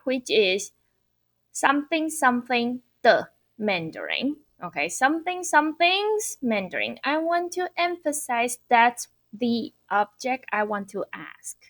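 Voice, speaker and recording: A woman teaching an online Mandarin lesson, who explains cheerfully and repeats phrases slowly. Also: a little high, fairly bright tone. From Taiwan.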